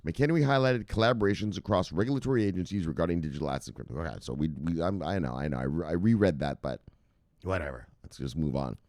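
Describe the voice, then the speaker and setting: A man's voice: deep voice, fast talker, darkish tone, dry recording, studio quality. A man hosting casual crypto news commentary, reading headlines aloud and rambling off into laughing, profane asides.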